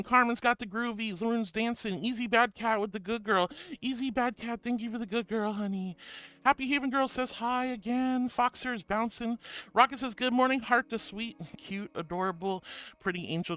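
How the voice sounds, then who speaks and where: A woman's voice: fairly high pitch, a bit bright. A woman VTuber streamer in casual live-stream chat, playful and affectionate, giggling as she greets viewers and reads their messages aloud.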